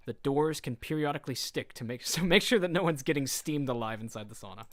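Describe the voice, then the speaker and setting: A man's voice: medium pitch, fast. A man casually commenting while streaming a game, joking and reading in-game notes aloud.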